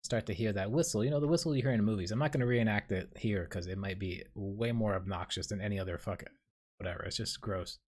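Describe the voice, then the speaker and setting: A man's voice: lowish voice, fast talker, darkish tone. A young man from New City, hosting a casual solo podcast and telling a dream in a rambling, profane, self-deprecating way. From New York City. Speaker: podcast host.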